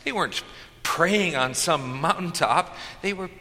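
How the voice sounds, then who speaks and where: A man preaching a sermon from a church pulpit, his voice strikingly bright and forceful. He builds with dramatic pauses and bursts of rising energy. Long reverb from the sanctuary trails behind every phrase. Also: a little high, lively intonation. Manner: dynamic preaching with dramatic pauses and shouted call-and-response lines. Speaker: pastor.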